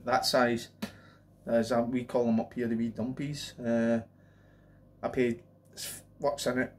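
A man casually reviewing a cheap lager, rambling on with jokey asides and running gags. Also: medium pitch. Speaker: beer reviewer. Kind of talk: casual beer review vlog.

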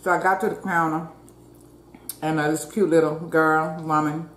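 In a deep, level voice at an ordinary pace, a woman runs a mukbang and makes relaxed, folksy conversation with her viewers. Between bites she murmurs "mm" as she chews, against a roomy echo and faint ambience.

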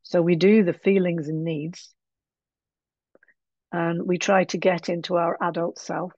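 A woman's voice: fairly low pitch, flat delivery, measured pace, a little mellow, no room sound. A woman, a guest in an interview, thinking aloud in a frank, easygoing way. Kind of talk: casual conversational interview. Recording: dry, slightly dull lo-fi sound.

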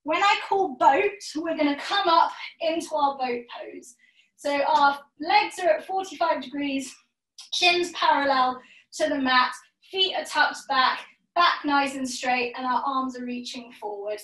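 A woman's voice: sits high, a bit bright. A woman teaching a yoga class, calling out poses and giving friendly, encouraging instructions. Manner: encouraging, calls out poses in quick rounds. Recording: echoey room, voice from a distance.

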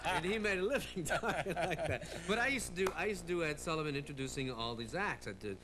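A man from Long Island, a comedian guest telling lively stories on a talk show, laughing often and slipping into impressions. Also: fairly high pitch, fast. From Long Island, New York. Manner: lively storyteller, laughs a lot, slips into impressions. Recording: 1980s TV tape with hiss.

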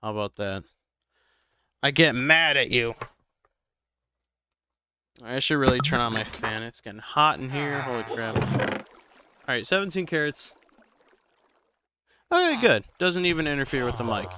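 A man live-streaming a game, chatting casually with viewers in a slow, drowsy, rambling way because he is tired. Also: mid-range voice, expressive, noisy background. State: tired, medicated.

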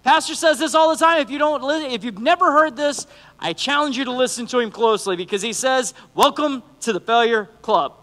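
A man with a very high, bright voice preaches to his congregation as a youth pastor, breaking into little acted-out quotes and joking asides. His voice rings with the long echo of a big church hall. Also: brisk. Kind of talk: energetic sermon.

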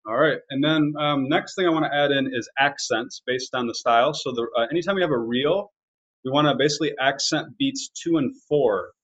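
A man's voice: medium pitch, fairly quick, a bit bright, breathy edge, poor audio. A man teaching a live online violin lesson, explaining casually with fillers.

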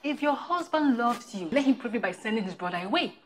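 An actress playing a scheming friend with a Nigerian accent who gives conspiratorial advice. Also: female voice, a little high, expressive, quick pace, natural voice. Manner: conspiratorial, insinuating. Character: scheming gossip friend giving bad advice.

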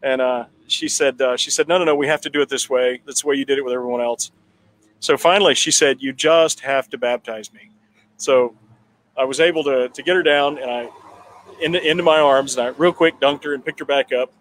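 A man's voice: mid-range voice, brisk, fairly bright tone. A man telling a long personal story at a town hall, rambling with restarts and chuckling now and then. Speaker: political candidate telling a story.

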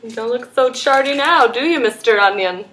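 In a very noisy, roomy-sounding home kitchen, a young American woman cooks alongside friends, her high-leaning voice animated as she fires off quick, sarcastic, playful jokes.

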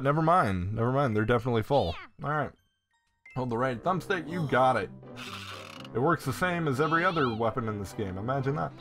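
An excitable male gamer talking through his play in a lively voice that swings up and down, swearing freely. Game music runs clearly underneath him. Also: mid-range voice, a little fast. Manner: excitable and profane, swears often. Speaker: gameplay commentator. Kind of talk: casual gameplay commentary.

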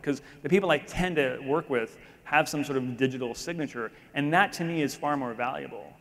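A man's voice: mid-range voice, fast talker, hardly any pauses, a bit bright. A man speaking on stage in a casual, rambling conversation, often restarting his sentences. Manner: rambling, self-interrupting, conversational. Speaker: keynote speaker. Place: large conference hall. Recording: reverberant conference hall.

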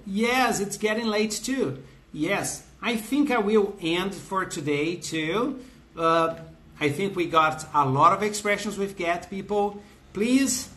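Bright-voiced Brazilian man teaching English. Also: sits high. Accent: Brazilian Portuguese. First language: Portuguese. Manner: greets viewers by name, reads out their comments, many fillers and restarts. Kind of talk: live online English class.

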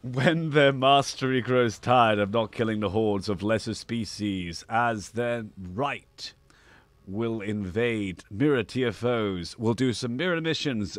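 A man's voice: medium pitch, fairly bright tone, no room sound. Grandiose man hosting a game stream. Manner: grandiose villain put-on, with laughing asides. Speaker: stream host. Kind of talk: mock-imperial live stream hosting.

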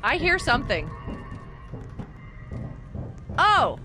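A woman hosts a live gaming stream, her high voice swooping up and down as she chatters very slowly over faint music. Excitable and chatty, she reacts to the game, reads viewer messages aloud and thanks people.

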